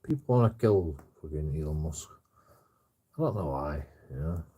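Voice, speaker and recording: A man's voice: very deep voice, animated, normal speed, mellow, husky. A man, a streamer, rants casually in a rambling, repetitive way and swears constantly. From England.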